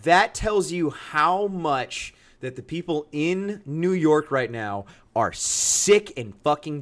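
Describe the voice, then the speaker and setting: Man, casual podcast chat, fairly high voice, lively swings in pitch, swears a lot. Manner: animated, profane, laughs often, lots of filler words. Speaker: podcast co-host.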